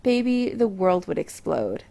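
A tender, teasing man from a read-aloud romance, as a woman reader puts him on. He speaks softly and intimately, with a gravelly edge. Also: medium pitch, sing-song, unhurried.

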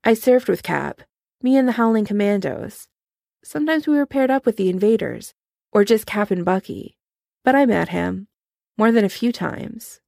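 A woman voicing a gruff, blunt older male army veteran who swears freely, in a fan fiction audiobook reading. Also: mid-range voice, lively intonation, normal speed, warm tone, no room sound, clean studio sound.

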